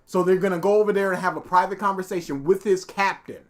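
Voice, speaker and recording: A man's voice: sits high, fast talker. A man co-hosting a live react stream, animatedly commenting on a video and acting out quotes.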